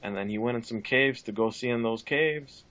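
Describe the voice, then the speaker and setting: A man's voice: medium pitch, normal speed, fairly bright tone. A man who is a guest on a podcast, retelling a story in loose casual chat full of "like" and swearing.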